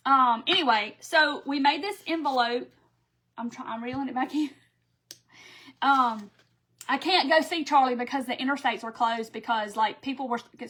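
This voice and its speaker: A chatty middle-aged woman with a drawl hosts a live craft stream. She rambles from one aside to the next and reads out viewer comments. Her voice sits a little high. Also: moderate pace, pauses often, fairly bright tone. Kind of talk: casual live-stream chat while crafting.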